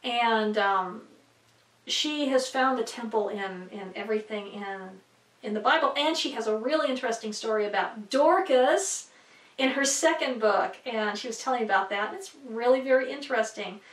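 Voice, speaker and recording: A woman's voice: fairly high pitch, normal speed. A woman teaching about the Bible in a casual, rambling way, full of fillers and asides. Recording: echoey room, distant from mic.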